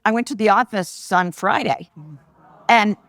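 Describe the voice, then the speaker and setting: A woman's voice: medium pitch, measured pace, crowd noise. A woman in her sixties, an investor guest telling personal stories in a live podcast interview, acting out the voices she quotes. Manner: animated anecdotes, acts out quoted voices. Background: live audience laughter.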